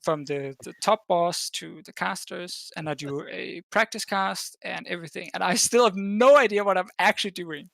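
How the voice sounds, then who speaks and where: A man's voice: fairly high pitch, creaky, a bit bright, dry recording. A man from Denmark, a podcast guest, telling a long story in a casual chat, full of fillers and restarts. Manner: rambling, with many fillers and restarts. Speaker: podcast guest, esports caster.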